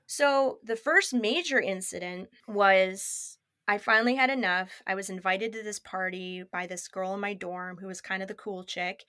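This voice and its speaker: A woman guest telling a personal story in an interview, lively and acting out what people said. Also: mid-range voice, moderate pace, hardly any pauses, dry recording, studio quality. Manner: lively, acts out others' lines in quotes.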